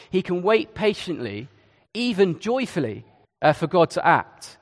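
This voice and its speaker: A man's voice: high-pitched, lively intonation, normal speed, long reverb tail. A man preaching a sermon in a conversational way, with hesitations and asides. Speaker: Church of England preacher.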